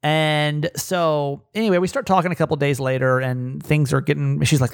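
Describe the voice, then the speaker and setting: A middle-aged man hosting a podcast, telling a story casually and animatedly, jumping up in pitch as he acts out the people he quotes. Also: normal speed, few pauses, dry recording, studio quality. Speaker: podcast host.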